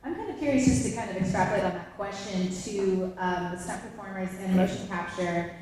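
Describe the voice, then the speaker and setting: A woman's voice: mid-range voice, brisk, a little mellow, distant mic, a little hiss or hum. Woman moderating a panel in an echoey hall.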